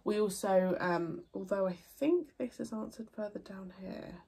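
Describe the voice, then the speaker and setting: Speaking at a measured pace, a young woman with a gravelly, dark, medium-pitched voice sounds congested and nasal. She answers viewer questions casually and rambles, with lots of fillers and restarts.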